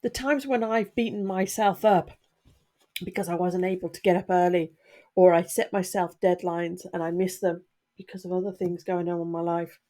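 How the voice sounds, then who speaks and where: A woman's voice: fairly low pitch, fairly even intonation, moderate pace, mellow. A middle-aged woman vlogging candidly to her viewers, earnest and getting emotional, a little sniffly. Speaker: YouTuber. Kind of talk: candid talk to camera.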